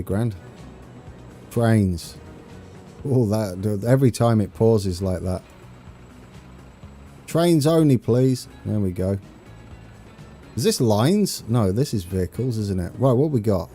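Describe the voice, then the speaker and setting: A British man with a lowish, dark-toned voice chats casually with viewers on a live stream while playing a train game. He rambles and chuckles as he reads the chat, with faint game music playing behind him.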